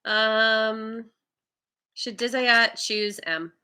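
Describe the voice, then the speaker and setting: A woman's voice: on the high side, fairly even intonation, very slow, sharp tone, smooth. A woman hosting a live tarot reading stream, chatting casually with viewers, laughing often and sounding encouraging. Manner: stumbles over viewer names.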